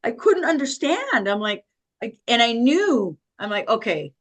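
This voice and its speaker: A woman's voice: a little high, very animated, unhurried. A middle-aged woman, an interview guest, telling her life story with emotion and nervous laughter. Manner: emotional, vivid retelling with quoted voices and nervous laughs.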